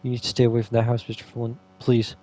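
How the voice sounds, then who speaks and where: A man's voice: mid-range voice, completely flat delivery, fast talker, warm tone, a little hiss or hum, natural voice. A man reading aloud the lines of a polite, anxious neighbour issuing warnings in a game. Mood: earnest.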